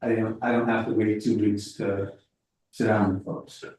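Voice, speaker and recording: A man with a mellow, dark voice asks a question haltingly at a town board meeting. He is far from the mic, and the room echoes heavily around him. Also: on the low side, little pitch movement, a little hiss or hum. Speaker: board member. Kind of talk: public meeting discussion.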